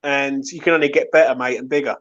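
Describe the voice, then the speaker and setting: A man on a live stream chat, repeating warm encouragement in a casual way. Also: mid-range voice, fairly even intonation, quick pace, lo-fi sound. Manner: repetitive, heartfelt pep-talk phrasing. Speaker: guest on a live watchalong stream.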